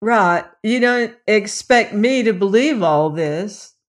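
A defiant young woman in a storybook, protesting loudly and fiercely, her voice pushed higher and harder than the reader's own, as a reader puts her on. She sounds spirited and stubborn as she refuses to back down. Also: expressive, normal speed, natural voice. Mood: uneasy, insistent. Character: defiant young woman under police pressure.

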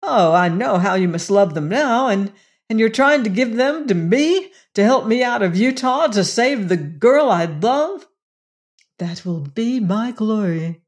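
A woman's voice: a little high, lively intonation, measured pace, voice pushed up. A woman reading aloud and voicing a desperate young male rider, pleading and agitated with a raised voice. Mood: anguished.

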